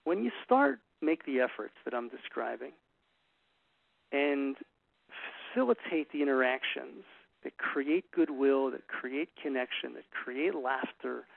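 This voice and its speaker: A man's voice: medium pitch, expressive, measured pace, vocal fry, dry recording. A middle-aged man giving an earnest, emphatic talk to a group and telling stories along the way. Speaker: relationship speaker. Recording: tinny phone-like radio sound.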